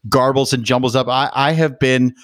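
A man's voice: mid-range voice, fairly even intonation, moderate pace, dry recording, studio quality. A man hosting a remote podcast, teasing his guest and running a made-up game with playful, game-show flair. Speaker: podcast host. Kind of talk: casual podcast chat. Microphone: remote podcast mic.

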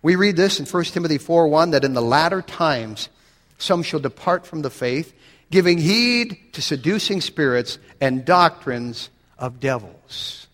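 A man's voice: a little high, lively intonation, unhurried, fairly bright tone, big-room sound. A man preaching a sermon as pastor, blunt and emphatic, asking the listeners pointed questions.

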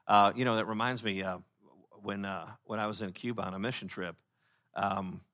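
Speaking at a moderate pace in a fairly low voice, a pastor preaches in a conversational style, with lots of fillers and false starts. When he quotes someone, he performs them in animated voices.

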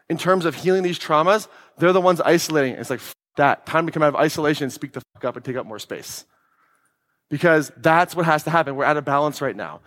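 A man's voice: a little high, fairly bright tone, big-room sound. A man giving an emphatic, blunt motivational talk to an audience, swearing freely and asking questions of the room. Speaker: podcast host giving a talk.

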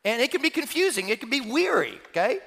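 A man preaches from the pulpit with a high, gravelly voice that swoops up and down as he drives each point home. His bright, forceful tone carries through the long reverb of a large church sanctuary. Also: very animated, quick pace. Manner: preaching with personal stories and rhetorical questions. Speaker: pastor. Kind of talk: sermon.

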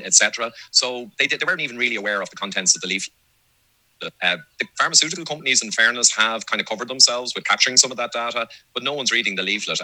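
Male guest, fast emphatic talker, bright edge, dry close sound. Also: lowish voice, dry recording, poor audio. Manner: brisk, emphatic, laughs now and then. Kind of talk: casual discussion.

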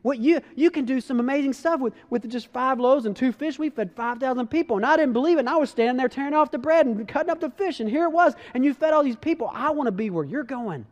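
A man's voice: extremely high pitch, expressive, fast talker, few pauses, long reverb tail, dull audio, pitched above the performer's own voice. A man voicing a devoted, frightened male disciple who pleads emphatically to stay with his teacher. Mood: pleading.

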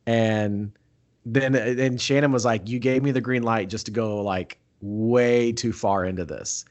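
A man chatting casually as host, telling an excitable story and acting out what people said. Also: mid-range voice, a little slow. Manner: excitable storyteller, acts out quoted talk. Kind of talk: casual chat.

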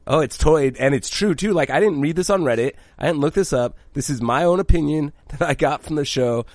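A man co-hosting a podcast in casual, animated chat, swearing freely. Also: fairly high pitch, brisk, no room sound. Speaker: podcast co-host.

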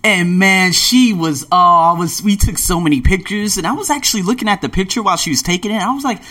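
A vlogger in his late twenties tells travel stories casually, acting out scenes with gasps and little voices. He talks fast in a high voice, with a bright, forceful tone.

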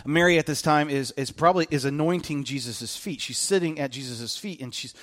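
A man preaching a casual, animated sermon, joking and talking conversationally to his listeners. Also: a little high, fairly quick.

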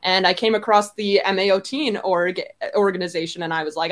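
A woman's voice: mid-range voice, fairly bright tone. A young woman from Wisconsin, a pageant winner being interviewed, chatting in a bubbly way and laughing often. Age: young adult. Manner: bubbly, laughs often, speaks in quick upbeat bursts. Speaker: guest, reigning Miss America. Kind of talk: casual interview chat.

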